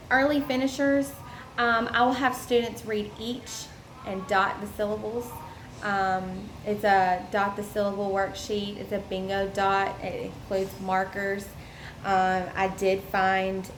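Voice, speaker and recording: Young woman, education student presenting a lesson plan; slow and halting, lots of ums; echoey room. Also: mid-range voice. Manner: halting, many ums, explains step by step. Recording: echoey room with faint noise.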